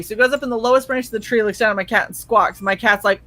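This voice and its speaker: A woman co-hosting a relaxed stream, telling a comic story with lively quoted asides and plenty of casual swearing. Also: a little high, a little fast, dry recording, rough recording. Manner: animated storyteller, swears freely, acts out quotes. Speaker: co-host of a chill stream. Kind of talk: casual chat.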